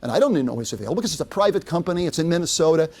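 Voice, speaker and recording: Lively older man telling business stories. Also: on the high side, very fast. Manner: lively storytelling, quotes others, asks audience. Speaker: speaker. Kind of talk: business talk with anecdotes.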